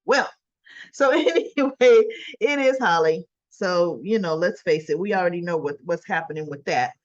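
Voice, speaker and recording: A woman's voice: lowish voice, moderate pace, muffled recording. A woman giving a chatty, casual daily recap of a soap opera episode. She laughs often and acts out the characters' lines.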